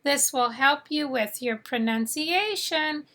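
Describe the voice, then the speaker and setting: A woman teaching phonics with a high, clear voice. She drills each sound very slowly and deliberately, pausing so the learner can repeat. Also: lively intonation, pushed and bright. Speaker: English teacher. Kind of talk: phonics lesson.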